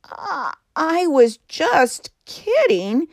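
A woman's voice: high-pitched, sing-song, drawn-out words, dry recording, studio quality, voice pushed up, exaggerated voice. A woman voicing a playful, teasing young male goat in a children's storybook reading, with a giggly manner. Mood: sorry.

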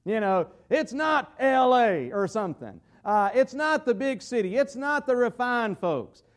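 A Southern US man delivering a sermon with a high-pitched voice. He talks in a folksy, conversational way, stumbling over repeated words before landing his point. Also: very animated, a little slow. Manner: folksy, repeats words while searching for phrasing. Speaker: pastor.

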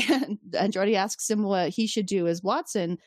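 A woman chats casually as a podcast co-host, giggling often and throwing in fillers and the odd swear. Her voice sits mid-pitched and sounds close and dry. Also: moderate pace, dry recording. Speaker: podcast co-host recapping a TV episode. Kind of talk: casual chat.

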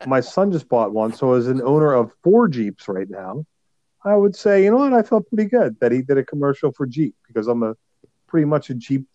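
A man's voice: medium pitch, sing-song, fairly quick, warm tone, no room sound, lo-fi sound. A man co-hosting a casual chat, telling stories in an easygoing way and saying "dude". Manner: easygoing storyteller, says "dude". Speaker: podcast co-host.

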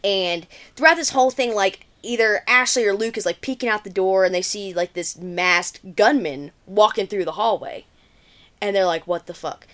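A woman's voice: medium pitch, normal speed, a bit bright. A woman co-hosting a podcast, casually recapping a film's plot in a chatty way with lots of filler words. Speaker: podcast co-host.

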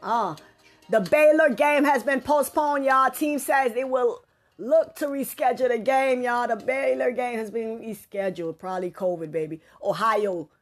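Woman doing a laid-back slangy sports podcast, kinda high voice, music going behind her. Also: moderate pace. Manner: loose and playful, slangy, laughing, drops into a gospel tone. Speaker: podcast host reading sports scores. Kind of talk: casual sports chat. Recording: music playing underneath.

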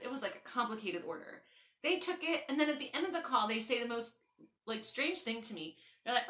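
Bright-voiced young woman in an echoey room. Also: fairly high pitch, fast. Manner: animated storytelling, laughs often, swears freely. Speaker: podcast host. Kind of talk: casual chat.

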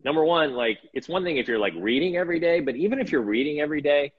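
Man, podcast host, rambling, upbeat, husky, lo-fi audio. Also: a little high, lively intonation, fast. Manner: rambling, upbeat, self-deprecating. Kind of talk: casual interview chat.

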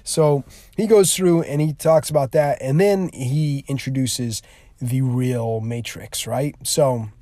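A man explaining a classroom activity, rambling and full of restarts. His voice is mellow and dark. The recording is dry and close. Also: mid-range voice, slow pace, no echo. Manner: rambling, many fillers and restarts. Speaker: teacher.

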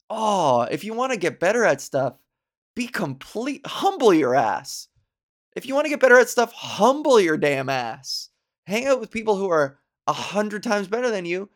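A woman hosting a solo podcast in casual chat, telling stories with lots of swearing and self-deprecating asides, and acting out what people said. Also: deep voice. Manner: animated, swearing, self-deprecating storyteller who acts out quotes. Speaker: podcast host.

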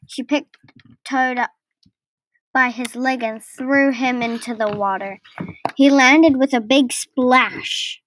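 Brief: female storyteller, high voice, unhurried reading of a children's story. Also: steady tone. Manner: gentle, deliberate storybook reading.

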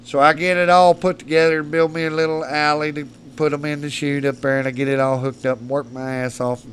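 A man's voice: a little high, flat delivery, fast talker, slight background noise. Profane man telling rowdy stories. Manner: profane, laughs mid-story. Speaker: podcast guest. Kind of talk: rowdy storytelling.

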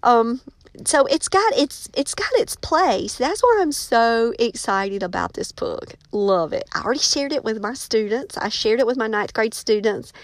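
Gushing, fairly high-voiced woman author. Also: big pitch swings, moderate pace, dry recording. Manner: enthusiastic, gushing. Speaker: children's book author; teacher. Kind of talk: casual chat to viewers.

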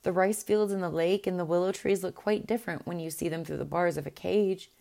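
A woman's voice: on the low side, fairly quick, vocal fry, dark tone. A woman voicing a small, sad male songbird that longs to be free, speaking plaintively in a storybook reading. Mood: wistful.

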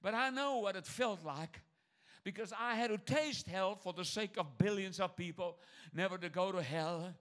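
A man preaching in the voice of a savior calmly declaring he has just come back from hell. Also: high-pitched, moderate pace. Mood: solemn.

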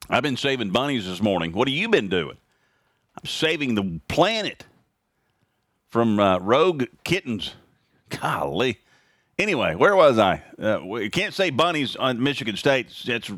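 A man hosting his own podcast, talking casually and sarcastically in an animated opinion monologue from home. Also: no room sound, studio quality. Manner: animated, sarcastic, jumps high in pitch for emphasis. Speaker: podcast host.

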